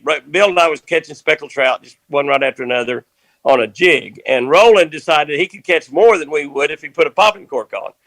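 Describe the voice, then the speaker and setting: An older man with a drawl tells a fishing tale with a bright, gravelly edge to his slightly high voice. He rambles along with folksy energy, and the sound is dry and close. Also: no echo. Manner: rambling, animated anecdote telling. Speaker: fishing guest. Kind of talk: folksy storytelling.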